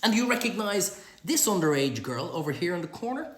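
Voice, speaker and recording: A man putting on a sneering, foul-mouthed president who gloats over his threats, the voice swinging wide in pitch. The room adds a noticeable echo. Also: sing-song, a little fast, fairly bright tone. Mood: taunting. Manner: mocking, profane, menacing. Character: crude, scheming male president making threats. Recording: roomy echo.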